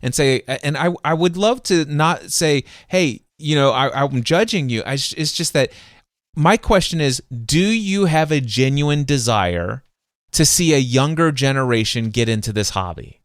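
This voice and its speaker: A man's voice: fairly high pitch, measured pace, no echo, studio quality. A man hosting a podcast, telling stories with enthusiasm, acting out sounds and voices, and often restarting his sentences. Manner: animated, acts out sounds and voices in anecdotes; frequent restarts and stumbles. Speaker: podcast host. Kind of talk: excited conversational storytelling.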